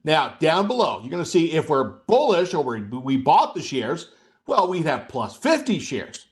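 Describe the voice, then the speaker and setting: A male trading coach runs a live webcast lesson. His voice sits a little high, and he explains in a loose, conversational way, checking in with listeners as he goes. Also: very animated, moderate pace. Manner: conversational, asks the audience questions and checks in with "okay?".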